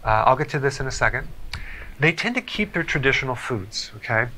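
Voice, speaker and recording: Man, health presenter, measured explanatory talk, bright forceful tone, faint hiss. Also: medium pitch, sing-song, low-quality recording. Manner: measured, explanatory, checks in with "okay?".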